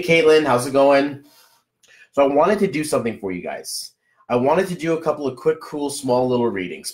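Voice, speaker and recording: A man reading numerology on a casual live stream, chatty and excitable, greeting viewers by name. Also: mid-range voice. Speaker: numerology reader. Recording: echoey room.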